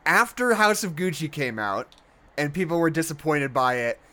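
A man's voice: on the high side, lively intonation, normal speed, sharp tone. A man in casual podcast chat about movies, talking loosely and laughing often. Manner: chatty, laughs often, quotes people in put-on voices. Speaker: podcast co-host.

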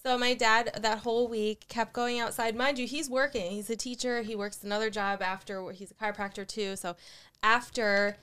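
Young woman co-host, heartfelt and earnest, with a smooth, clear voice pitched a bit high. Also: steady tone, normal speed, fairly bright tone. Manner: emotional, earnest storyteller. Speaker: podcast co-host. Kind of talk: casual chat.

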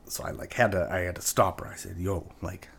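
A man's voice: sits low, steady tone, fast talker, gravelly, a bit bright, husky. A man telling a personal story in a casual, rambling way, swearing often and filling his talk with "like" and "right?". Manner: rambling and profane, full of "like" and "right?".

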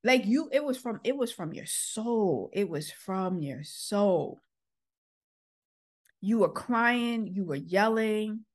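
A woman's voice: mid-range voice, expressive, takes it slowly. A middle-aged woman, a former school principal, earnestly telling a personal story and acting out the quoted exchanges. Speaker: podcast host, former principal.

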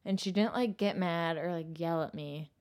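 A woman's voice: fairly low pitch, moderate pace. Young woman, chatty with "like" fillers. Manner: fills nearly every phrase with 'like', swings between loud and hushed. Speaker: interviewee telling her own story. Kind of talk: casual storytelling.

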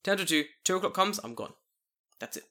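A young man from the United Kingdom, co-hosting a podcast and telling swear-filled stories in a casual, animated way, acting out both sides of old arguments. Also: high-pitched, a little fast. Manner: animated storytelling, swears often, acts out both sides of conversations. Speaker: podcast co-host. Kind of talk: casual chat.

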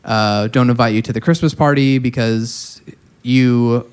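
A man's voice: mid-range voice, steady tone, unhurried, darkish tone, clean tone. A man co-hosting a podcast, riffing with raunchy, jokey humor. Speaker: podcast co-host. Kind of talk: crude comedic chat.

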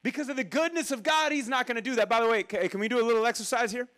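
A pastor preaching a conversational, animated sermon, with sudden drops into quiet asides to the congregation. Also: male voice, very high voice, racing.

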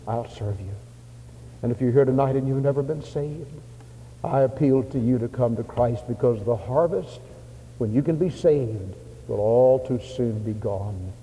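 A man preaching a sermon in a church, in an old-fashioned revival cadence, rising to loud fervent cries and dropping to soft pleas. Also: medium pitch, unhurried, in a large hall, phone-quality sound. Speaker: pastor. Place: church sanctuary.

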